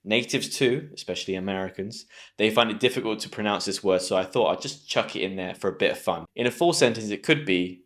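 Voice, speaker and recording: Slowing down to work through each sound, a patient British teacher gives a clear online English pronunciation lesson. His voice is fairly low in pitch and a bit bright.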